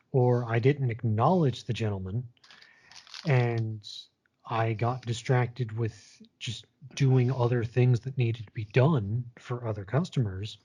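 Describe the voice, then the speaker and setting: A man in his late twenties tells a long story in a candid, rambling way and swears freely. His voice is dark and mellow. The recording sounds somewhat dull and muffled. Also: medium pitch. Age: late 20s. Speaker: guest sharing his story. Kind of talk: casual conversation.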